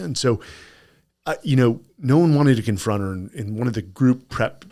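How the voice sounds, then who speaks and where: A man speaking as a podcast guest, telling personal stories in a casual, animated way. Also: mid-range voice, fairly quick. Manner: animated anecdotal storyteller.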